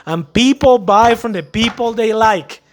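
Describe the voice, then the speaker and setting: A man's voice: high voice, a little slow, slight background noise. A man talking casually and emphatically to camera about customer service, acting out little scenes as he goes. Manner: animated, acts out quotes, emphatic. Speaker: vlogger giving sales advice. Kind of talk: casual advice monologue.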